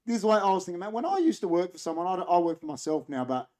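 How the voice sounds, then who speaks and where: Animated Australian man telling a story. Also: high voice, very fast. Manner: animated storytelling, acts out quotes. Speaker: podcast host. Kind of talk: casual chat.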